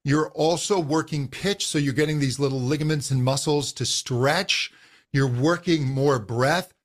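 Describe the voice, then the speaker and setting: A middle-aged man, a vocal coach, explaining voice and breathing in a calm, instructive way during an interview. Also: a little high. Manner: calm, instructive, uses physical demonstrations of voice.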